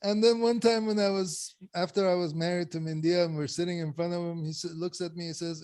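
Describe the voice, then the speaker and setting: A man's voice: high voice, fairly even intonation, fairly quick, darkish tone, no echo. Laughing man telling stories on a video call. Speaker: satsang speaker. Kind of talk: casual storytelling.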